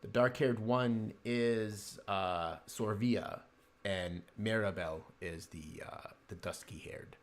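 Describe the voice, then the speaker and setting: A man runs a tabletop game as game master, narrating scenes in a halting way with lots of fillers. His voice sits fairly low.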